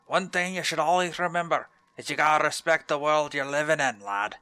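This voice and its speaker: A man putting on a gruff Scottish dwarf. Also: brisk, pushed and bright, no echo. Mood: hearty. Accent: Scottish, put on badly. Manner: brusque, booming quest reading. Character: gruff male dwarf quest-giver.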